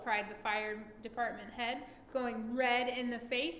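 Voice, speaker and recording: Mom reading a kids book out loud, bright voice, echoey room with faint hiss. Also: female voice, fairly high pitch, unhurried, hardly any pauses. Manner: expressive, animated reading. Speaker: parent reading aloud. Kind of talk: reading a children's book aloud.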